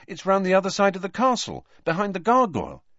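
A man's voice: high voice, huge pitch swings, fast, a bit bright, no room sound, voice pushed up, heavily acted. A man voicing an awkward, earnest teenage boy in an audiobook reading. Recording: dull dry audiobook recording.

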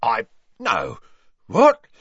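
A man's voice: mid-range voice, wildly swooping pitch, unhurried, sharp tone, breathy edge, no echo, muffled recording, full character voice. A man voicing a shifty middle-aged petty thief who splutters and dodges. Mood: panicked. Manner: spluttering, evasive, wheedling.

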